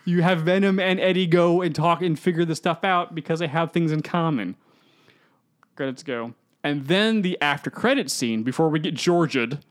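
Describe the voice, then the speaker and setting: A young man co-hosting a podcast, rambling through a story in excitable casual chat. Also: on the high side, normal speed. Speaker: podcast co-host.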